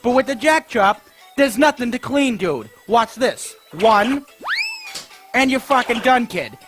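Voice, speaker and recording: A man playing a crude, foul-mouthed pitchman in a comedy sketch parody ad. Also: lively intonation, measured pace, music in the background. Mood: brash. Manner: profane, brash, shouts in pain at mishaps.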